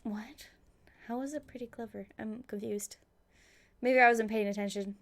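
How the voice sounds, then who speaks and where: A woman's voice: on the high side, fairly even intonation, gravelly. A young woman giving casual, giggly gaming commentary. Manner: giggly, quick asides. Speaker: streamer.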